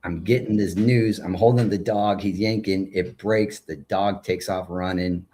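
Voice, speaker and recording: A man's voice: low-pitched, steady tone, unhurried, mellow. A man in his forties, a former school principal, recounting his experience in conversational storytelling and acting out the dialogue he describes. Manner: recounts events while acting out quoted dialogue.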